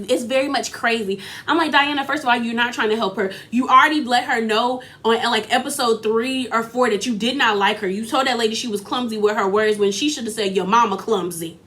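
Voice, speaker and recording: Woman recap host, slightly high voice, sassy slangy delivery. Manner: animated, sassy, slangy retelling with acted-out quotes. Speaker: reality TV recap commentator. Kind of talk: casual recap commentary.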